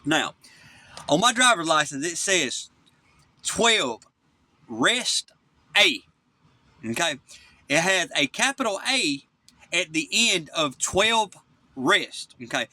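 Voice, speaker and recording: A man's voice: a little high, sing-song, takes it slowly, long pauses, bright, forceful tone, dry recording. Angry man ranting to his phone camera. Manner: agitated, profane, repeats "okay?" constantly. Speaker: self-recording vlogger. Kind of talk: angry rambling monologue to camera. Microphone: phone front camera.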